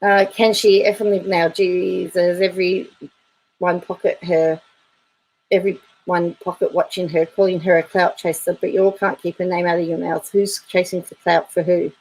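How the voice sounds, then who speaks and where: Chatty woman vlogger, slightly low voice, reads viewer comments aloud with dry humor and frequent laughs. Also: little pitch movement, normal speed, darkish tone, rough recording. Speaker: YouTube commentator.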